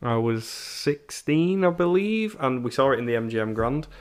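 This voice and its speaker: A man's voice: mid-range voice, expressive, moderate pace, slight background noise. A young man hosting a podcast, telling stories in a chatty way with laughs and stammered restarts. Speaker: podcast host. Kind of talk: casual chat.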